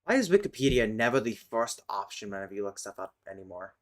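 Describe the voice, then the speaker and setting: A woman with a rumbling low, sing-song voice streams casually while building a constructed language, speaking slowly and muttering to herself as she types and looks things up. Keyboard typing and clicking can be heard in the background.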